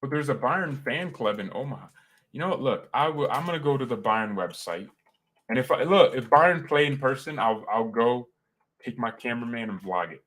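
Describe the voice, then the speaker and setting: A man hosting a fan live stream, rambling and joking with chat, swinging from calm talk to loud excited outbursts. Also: medium pitch, moderate pace.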